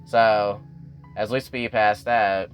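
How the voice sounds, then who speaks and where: Young male vlogger, low voice, faint music under him, chatty slangy storyteller who keeps calling out to his viewers. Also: fairly even intonation, takes it slowly. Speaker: TV recap vlogger. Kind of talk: casual episode recap.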